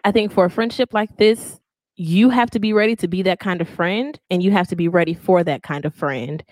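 Animated woman co-hosting a chat podcast. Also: on the low side, fairly quick, no echo. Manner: expressive, animated storytelling. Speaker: podcast co-host. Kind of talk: casual chat.

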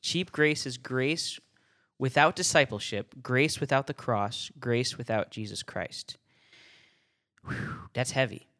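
A man's voice: mid-range voice, slow pace, sharp tone. A man hosting a solo podcast about faith, talking casually and earnestly, often chuckling and restarting his words. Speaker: podcast host.

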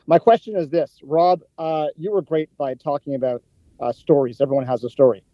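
Audience caller, man from Canada, slightly high voice, earnest, dull lo-fi sound. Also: steady tone, fairly quick, no room sound. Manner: polite, earnest. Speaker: audience member with a question.

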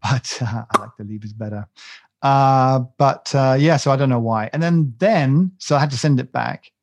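A man's voice: mid-range voice, moderate pace, creaky, a little mellow, dry recording. A man co-hosting a podcast, chatting casually in a rambling, self-mocking way with many fillers and restarts. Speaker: podcast co-host. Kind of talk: casual chat.

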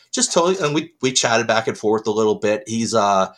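A man co-hosting a podcast, telling a long embarrassing story with lots of swearing, his voice jumping up when he gets excited. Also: lowish voice, fairly quick, few pauses. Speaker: podcast co-host. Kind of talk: casual chat.

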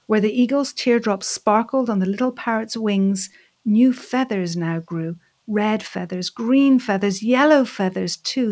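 A woman storyteller reads a folk tale aloud with dramatic, expressive phrasing. She lets her voice rise for the vivid passages and drops to a hush for tender ones. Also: mid-range voice. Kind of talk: storytelling narration.

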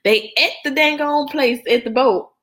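A woman's fairly high voice tells a story on a casual podcast. She is an animated storyteller in her thirties who laughs often and breaks into bits of song. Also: normal speed. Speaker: podcast host. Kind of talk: casual chat.

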